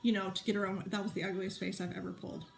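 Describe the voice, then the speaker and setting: A woman's voice: medium pitch, level tone, very fast, vocal fry, soft background music. A woman in her thirties chatting casually to camera, a rambling storyteller full of fillers and asides while she works on a craft project. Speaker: vlogger and mom.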